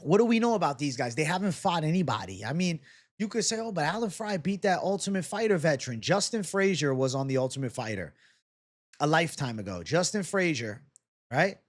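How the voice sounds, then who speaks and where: Fairly high-pitched and sing-song, a young MMA betting analyst runs through fight picks and betting odds on his show. He's casual and fast-talking, throwing in jokes and curses.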